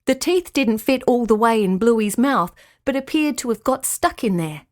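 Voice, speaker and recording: A woman reading a children's animal story aloud, gentle and expressive. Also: a little high, normal speed.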